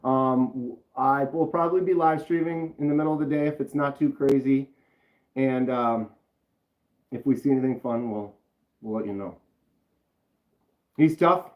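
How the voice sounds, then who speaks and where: In a roomy, slightly dull recording, a knife-channel streamer talks a little slowly with a medium pitch and fairly even intonation, pausing often. He chats casually on his live stream, rambling and greeting people in the chat by name.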